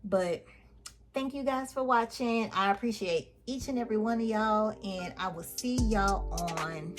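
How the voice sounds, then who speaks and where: A woman's voice: mid-range voice, unhurried, faint music behind. Exasperated chatty woman vlogger. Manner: chatty and exasperated, addresses viewers as y'all. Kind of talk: casual unboxing vlog.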